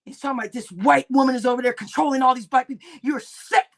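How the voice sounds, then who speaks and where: Furious high-voiced woman ranting on stream. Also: fast talker. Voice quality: heavy cursing, shouting bursts. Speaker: livestream host. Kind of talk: angry livestream rant.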